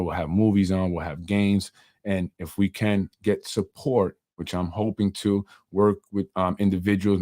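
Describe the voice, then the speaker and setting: Brief: middle-aged male podcast host, very low voice, dry close sound, earnest and rambling with lots of fillers, emotional. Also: warm tone, no room sound. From Yonkers, New York. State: emotional, voice softening. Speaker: podcast host and community organizer. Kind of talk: solo podcast monologue.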